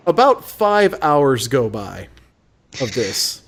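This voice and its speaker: A man narrating as game master in a tabletop role-playing session, relaxed and laughing as he tells the scene. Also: medium pitch, slow pace. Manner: relaxed, laughing, loose storytelling.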